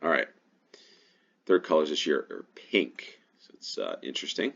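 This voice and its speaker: A man's voice: a bass voice, sing-song, moderate pace, vocal fry, a bit bright, slightly rough, highs cut off. An American man giving casual play-along commentary on a game, musing aloud and thinking to himself. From United States. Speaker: gaming YouTuber.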